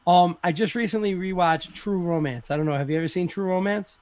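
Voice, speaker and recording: A man's voice: high voice, fairly quick, a little mellow, no room sound. A man chatting casually on a podcast, rambling with lots of fillers and frequent swearing. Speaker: podcast participant.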